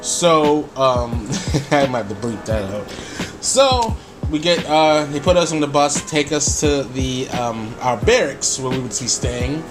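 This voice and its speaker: A man's voice: mid-range voice, unhurried. A man on his own channel telling a story in a casual, rambling way, with many fillers and chuckles, over background music. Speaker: YouTuber.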